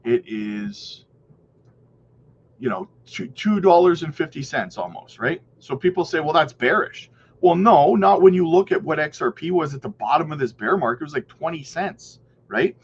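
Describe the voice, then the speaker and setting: A man's voice: a little high, big pitch swings, normal speed, vocal fry, lo-fi sound, slight background noise. A man hosting a crypto channel, chatting casually, rambling a little and answering viewer questions. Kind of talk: casual livestream chat and news reading.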